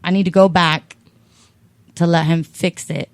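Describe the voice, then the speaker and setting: A woman tells a comedic story in a loud, animated and profane way, slipping into voices for everyone in it. Her voice is recorded dry and close, with no room sound. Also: fairly low pitch, unhurried, dry recording.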